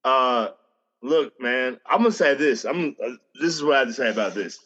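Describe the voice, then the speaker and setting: A man in a casual chat over a video call, talking in a measured, reflective way with many fillers. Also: mid-range voice, animated, fairly bright tone, muffled recording.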